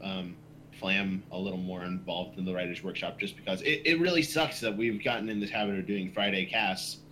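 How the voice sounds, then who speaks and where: A man's voice: low-pitched, fairly quick, pushed and bright, slight background noise. A man co-hosting a podcast in casual group chat, laughing and telling a sheepish story. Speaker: podcast co-host.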